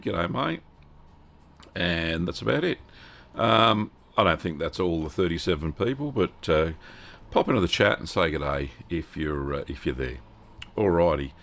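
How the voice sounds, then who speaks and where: Low gravelly Australian man. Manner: relaxed, rambling, greets chat viewers by name. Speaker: host of a cheese-making livestream. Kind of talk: casual livestream chat.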